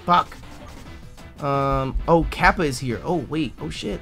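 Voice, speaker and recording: A young man giving casual, profane let's play commentary, bursting into loud yells. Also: fairly high pitch, slow pace, vocal fry. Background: faint game music.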